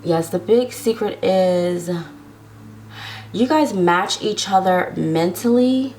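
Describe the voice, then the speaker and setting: Her medium-pitched voice has a darkish tone, with a bit of hiss or hum in the recording. This tarot reader chats through a casual love reading for her viewers, drawing words out and repeatedly checking in with "okay?"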